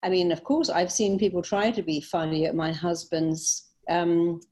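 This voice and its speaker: A woman's voice: on the low side, moderate pace. Woman, middle-aged, chatty guest telling funny stories, laughs a lot. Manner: animated, anecdotal, laughing easily. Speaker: guest, therapist and speaker. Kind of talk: conversational storytelling.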